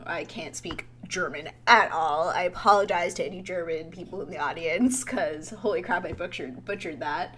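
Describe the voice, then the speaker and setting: A woman's voice: fairly low pitch, normal speed, hardly any pauses, a bit bright, a little hiss or hum. A young woman giving playful, exclamatory commentary while playing a game. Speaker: let's play host. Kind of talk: casual gameplay commentary. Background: game music.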